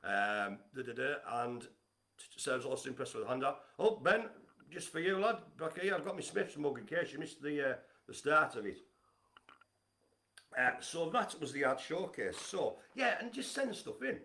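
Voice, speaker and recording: A man's voice: medium pitch, lively intonation, moderate pace, gravelly, pushed and bright. A man, hosting a casual live stream from home, chatty and jokey with lots of fillers. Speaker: host of a live community broadcast.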